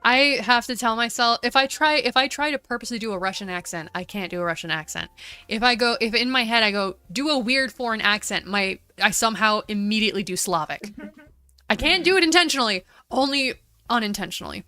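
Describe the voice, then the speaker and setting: A woman's voice: a little high, lively intonation, pushed and bright, dry recording. A woman with an American Valley Girl accent, chatting casually and swearing while streaming a game. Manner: chatty, swearing, quick asides.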